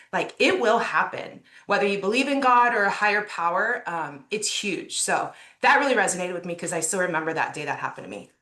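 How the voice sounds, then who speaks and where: A woman's voice: mid-range voice, a bit bright, roomy sound. A woman real estate agent on a video call, telling a personal story in a heartfelt, chatty way with many fillers.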